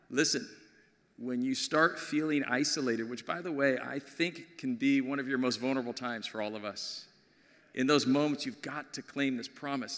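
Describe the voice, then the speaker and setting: A middle-aged man preaching a sermon as pastor, with animated storytelling that swings from loud to hushed. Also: mid-range voice. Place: large church sanctuary. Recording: long hall reverb.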